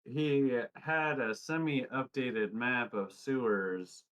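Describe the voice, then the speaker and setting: A man playing a tabletop game, explaining plans calmly with fillers. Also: medium pitch, takes it slowly, low-quality recording. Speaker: player. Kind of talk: casual chat.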